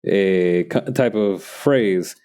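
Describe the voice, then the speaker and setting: Streaming his comic work, the artist speaks in a low, clear, resonant voice, mellow and drawing out his words. Casual talk about his drawing slips into meandering, reflective asides.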